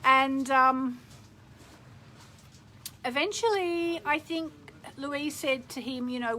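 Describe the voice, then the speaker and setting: A woman's voice: high voice, slow, pauses often, bright, forceful tone, slight background noise, rough recording. A middle-aged woman hosting a casual live stream, chatting in a rambling way and reading out viewer comments.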